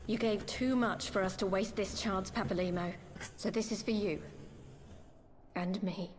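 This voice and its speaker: A man voicing an earnest young woman fighter from a game in a soft falsetto, heard through a voice filter. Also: steady tone, unhurried, noisy background. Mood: resolute. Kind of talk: reading game dialogue aloud.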